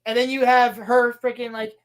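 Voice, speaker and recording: A woman's voice: on the high side, level tone. A woman on a casual podcast, ranting profanely and exasperatedly about a show she is recapping. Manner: profane, exasperated ranting with quick acted quotes. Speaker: podcast co-host.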